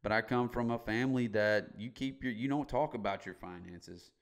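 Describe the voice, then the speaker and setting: A man's voice: fairly low pitch, normal speed. A middle-aged man as a podcast guest, candidly telling his story in a blunt, emphatic way and swearing casually.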